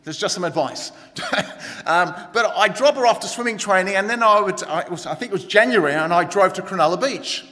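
High-voiced pastor in a reverberant church. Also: male voice, fairly quick, bright, forceful tone. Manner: conversational preaching with asides to the congregation. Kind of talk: sermon. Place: church hall.

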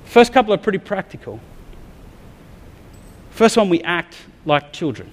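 A man's voice: sits high, big pitch swings, a little slow. An Australian man preaching a sermon, talking candidly and conversationally with some humor. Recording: long reverb of a large hall.

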